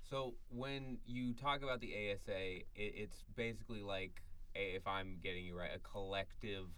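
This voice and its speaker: A man's voice: lowish voice, moderate pace, fairly bright tone, clean tone. A young man co-hosting a student podcast in a studio, asking questions with lots of fillers and self-mocking jokes. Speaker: podcast co-host. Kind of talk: casual student podcast chat. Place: small college podcast studio. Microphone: studio mic.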